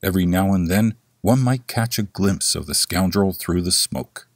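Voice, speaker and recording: A man's voice: sits low, normal speed, no echo, studio quality. A man narrating a classic story as an audiobook, in a theatrical reading style. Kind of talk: scripted horror story narration.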